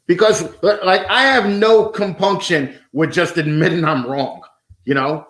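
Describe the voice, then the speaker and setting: A man's voice: a little high, lively intonation, normal speed, fairly bright tone. Ranting, swearing man in a roomy space. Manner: ranting, heavy swearing, stammering restarts. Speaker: podcast guest. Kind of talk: casual profane chat.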